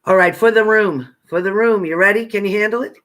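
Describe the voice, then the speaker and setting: A man's voice: high voice, a little fast, a bit bright. Blunt, foul-mouthed man reading zodiac messages. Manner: profane, repetitive, bossy tough-love commands. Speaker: psychic card reader.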